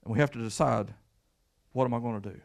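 A man's voice: mid-range voice, fast, vocal fry. A man preaching a sermon as pastor, folksy and emphatic, with repeated words and call-outs to the congregation. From Kentucky.

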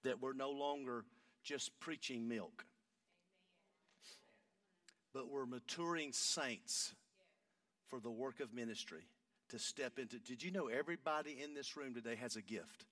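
A man, preaching a sermon and telling a story, going from hushed talk up to shouting. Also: medium pitch, a little slow, long pauses, no room sound, distant mic.

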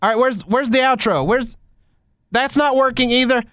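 Exasperated high-voiced man hosting. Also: moderate pace, fairly bright tone, dry recording, studio quality. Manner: exasperated, flustered. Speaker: comedy podcast host. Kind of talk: scripted comedy skit.

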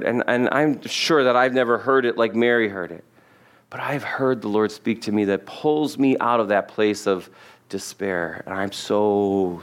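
Man preaching a conversational sermon. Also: medium pitch. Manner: conversational, humorous asides. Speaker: pastor. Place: church sanctuary.

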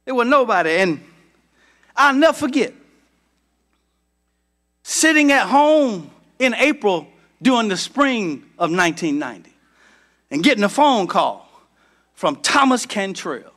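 A middle-aged man from Georgia preaching a sermon as pastor, building to shouts and calling out to the congregation. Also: sits high, big pitch swings, a little slow, pauses often. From Georgia, United States.

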